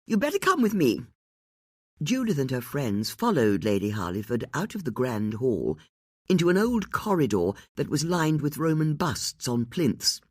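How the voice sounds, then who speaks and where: An audiobook narrator reading a cozy mystery in an expressive, varied way. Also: mid-range voice, normal speed, dry recording, studio quality. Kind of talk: scripted narration.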